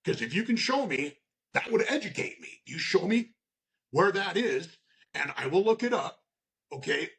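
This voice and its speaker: A man's voice: high-pitched, big pitch swings, moderate pace, creaky, fairly bright tone. A man talking as a union shop steward guest in a casual podcast conversation, blunt and profane, often tagging his points with "okay?". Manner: acts out workplace scenarios in quoted voices.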